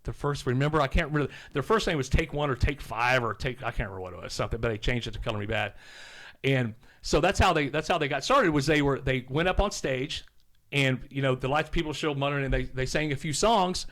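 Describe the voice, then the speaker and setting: A man in his fifties from Oklahoma, a podcast guest telling rambling stories in a casual, animated way and swearing now and then. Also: mid-range voice, fast talker. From Oklahoma, USA. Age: 50s. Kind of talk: casual storytelling.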